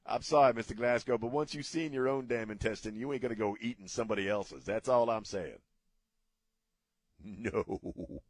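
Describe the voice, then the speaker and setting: A man's voice: on the low side, moderate pace, no echo. A middle-aged man hosting a radio talk show, ranting bluntly in a casual way and cursing freely.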